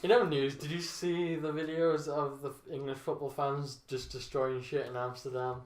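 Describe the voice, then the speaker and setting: A man's voice: on the high side, level tone, moderate pace. A young man from Wales co-hosting a casual podcast, chatting loosely and swearing freely. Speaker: podcast co-host. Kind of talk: casual chat among friends. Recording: echoey room with faint noise.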